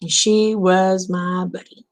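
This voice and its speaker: A middle-aged woman tells a long, homespun story in a casual late-night vlog. Her pitch stays fairly level and even, and she keeps looping back through "he said" and "I said" as she goes. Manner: homespun, drawn-out storytelling with many "he said" asides. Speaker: vlogger.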